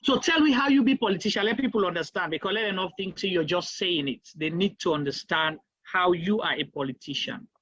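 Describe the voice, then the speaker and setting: A man's voice: high voice, a little fast, few pauses, a bit bright, breathy edge, no echo. Man, Sierra Leonean Krio accent, interviewer, pressing, dull dry lo-fi sound. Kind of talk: interview questions.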